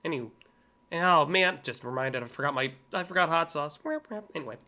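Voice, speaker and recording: A man's voice: on the high side, fairly quick, pushed and bright. An American man hosting a livestream, reacting to clips with sarcastic, rambling commentary and profane asides. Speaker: livestream host reacting to videos. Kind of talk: casual commentary.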